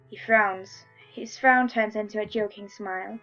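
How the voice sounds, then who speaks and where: A woman's voice: mid-range voice, steady tone, unhurried, few pauses, fairly bright tone, lo-fi sound, soft background music. A woman reading a story game aloud in a casual let's-play, giggly and self-mocking, with some swearing.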